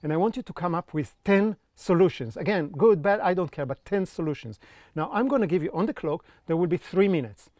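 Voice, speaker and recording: A man coaching viewers through a creativity exercise in a slightly high voice. He speaks straight to the listener, gives clear step-by-step tasks and checks in often. The sound is dry and close, with no room around it. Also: lively intonation, fairly quick, a little mellow, no room sound. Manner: encouraging, checks in with frequent "okay?". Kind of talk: online course instruction.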